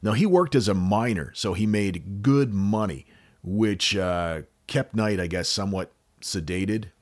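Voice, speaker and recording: A man's voice: lowish voice, measured pace. A man with an American accent, hosting a podcast and casually retelling a true-crime case with jokes and fillers. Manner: relaxed, joking, with frequent fillers. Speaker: podcast host.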